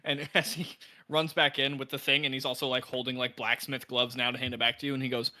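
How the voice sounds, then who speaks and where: A man's voice: mid-range voice, little pitch movement, quick pace, sharp tone. A man narrating as game master of a tabletop game, playful and often laughing as he describes scenes.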